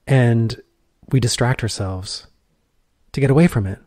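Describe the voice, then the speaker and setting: Earnest man with a mellow, dry voice. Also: mid-range voice, unhurried, long pauses, no room sound. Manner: earnest, repetitive phrasing, rhetorical questions. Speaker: podcast host. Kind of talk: reflective personal monologue.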